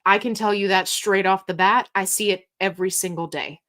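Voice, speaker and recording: A woman's voice: mid-range voice, steady tone, fairly quick, a bit bright. A woman hosting a casual live Q&A stream. She chats candidly, reads viewer comments aloud and reacts to them. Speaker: livestream host answering viewer questions.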